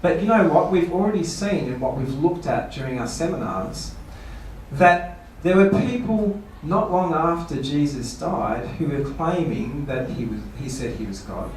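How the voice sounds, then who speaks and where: Echoey pastor, distant mic. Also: male voice, on the high side, animated, a little slow, a little hiss or hum. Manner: rhetorical questions, playful mock quotes. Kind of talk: seminar talk. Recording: echoey room, voice from far off.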